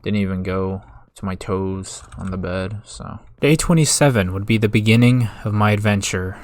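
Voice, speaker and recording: Low-voiced man narrating his gameplay. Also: moderate pace, no echo. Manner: upbeat recap narration broken by excited outbursts. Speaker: gaming video creator. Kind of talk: casual gameplay narration with live reactions.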